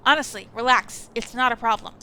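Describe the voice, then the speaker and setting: A woman's voice: a little high, fairly quick, bright, forceful tone, low-quality recording. A woman voicing a guarded young androgynous woman who answers curtly and dryly, reading a visual novel aloud.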